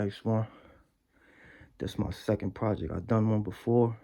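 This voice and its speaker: A young man talking quietly in a casual, slang-heavy way while showing a pocket bike build. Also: lowish voice, steady tone, unhurried, vocal fry. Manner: hushed, laid-back slang-heavy talk. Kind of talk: casual workshop vlog.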